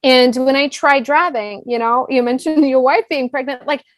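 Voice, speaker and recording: A woman in her thirties with a foreign accent, a business coach telling her own story as a podcast guest, animated and full of "like" and "right?". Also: sits high, normal speed. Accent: non-US foreign accent. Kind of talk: personal storytelling in a podcast interview.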